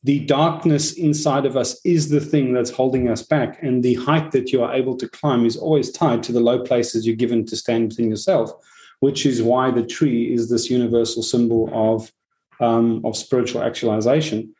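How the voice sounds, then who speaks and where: A man in casual conversation, reflective and animated as he tells stories, with the odd swear word. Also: mid-range voice, moderate pace.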